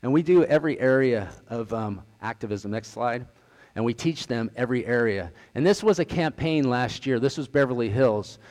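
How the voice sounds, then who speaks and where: A man's voice: medium pitch, animated, moderate pace, a little mellow. A man, an outreach director, gives an earnest slide presentation, telling stories and retelling conversations. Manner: earnest, storytelling, retells dialogue. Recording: long hall reverb.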